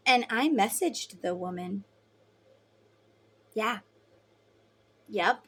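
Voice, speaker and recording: A woman giving a casual tarot reading, blunt and swearing freely, acting out quoted voices loudly. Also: medium pitch, measured pace. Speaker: tarot reader.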